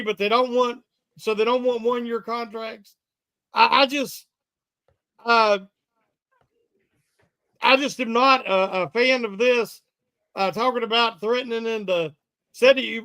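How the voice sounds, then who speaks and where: A man co-hosting a sports podcast, giving a measured opinion with frequent pauses and fillers. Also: very high-pitched, steady tone, fairly bright tone. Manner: measured, hesitant, with many fillers. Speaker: podcast co-host. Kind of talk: casual sports debate.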